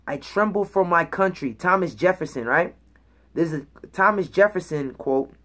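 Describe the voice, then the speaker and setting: This woman speaks with a fairly low, bright-toned voice that is expressive and moves at a normal speed. Teaching the Bible in an emphatic preaching style, she reads verses aloud, explains their words, and checks in with listeners after each point with "okay?" and "all right?"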